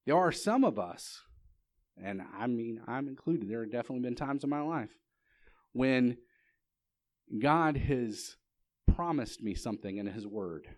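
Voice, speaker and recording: A man delivering a sermon to a congregation in a loose, conversational manner. He mixes scripture reading with easygoing storytelling, and his voice sits at a middling pitch. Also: lively intonation, a little slow, pauses often, no echo. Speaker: pastor.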